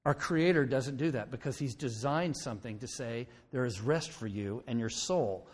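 A male pastor delivers a sermon in a conversational way, pausing often to check in with the congregation. His voice sits at an ordinary middle pitch. The sound carries a long reverb from the church hall. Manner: conversational preaching, frequent "okay?" check-ins. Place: church sanctuary.

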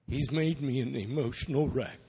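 A man's voice: medium pitch, moderate pace, warm tone, husky. A middle-aged man preaching a sermon, telling stories earnestly and emotionally, with some restarts. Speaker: missionary preacher. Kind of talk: sermon storytelling. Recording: long church reverb.

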